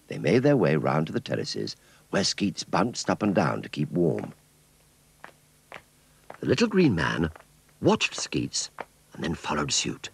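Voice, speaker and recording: A man narrating a children's cartoon story in an expressive storytelling manner. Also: rumbling low, measured pace, creaky, pauses often, soft background music.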